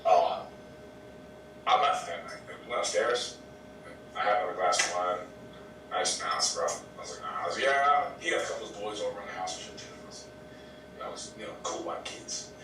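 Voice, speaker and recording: A man telling a story in a casual podcast interview, animated, blunt and profane, acting out what others said. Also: normal speed, far from the mic. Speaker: guest. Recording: echoey room, off mic, faint rumble.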